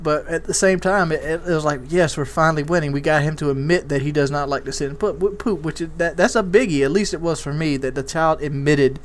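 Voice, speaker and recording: A man's voice: on the high side, brisk, few pauses. A man doing a casual, rambling commentary, telling a candid parenting story with many restarts. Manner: rambling, repeats words and restarts. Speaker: YouTube commentator.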